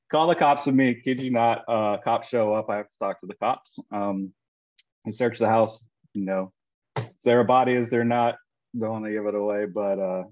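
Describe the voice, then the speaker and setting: A man casually telling a long personal story, animated and acting out what others said. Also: on the low side, no room sound, lo-fi sound. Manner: animated, quotes people in his own voice.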